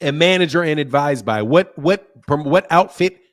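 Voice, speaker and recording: Combative high-voiced male host. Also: lively intonation, normal speed. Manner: combative, interrupting, profane. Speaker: boxing channel host. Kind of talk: heated debate.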